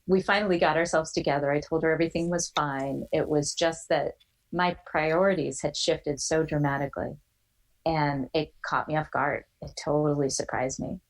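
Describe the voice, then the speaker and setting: Animated woman telling a personal story. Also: low voice, poor audio. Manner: animated storyteller, acts out quoted voices. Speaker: guest.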